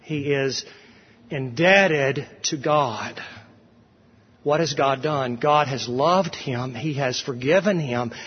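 Slow and mid-range with a breathy edge, a man's voice preaches an expository sermon in a church. This pastor is earnest and emphatic, echoing key phrases, and the recording is dull with a lengthy hall reverb.

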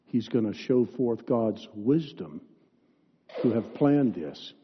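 A man preaching a sermon as pastor, speaking in an earnest, deliberate way, recorded in a church sanctuary on a dull lo-fi recording with long reverb. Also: mid-range voice, animated, slight background noise.

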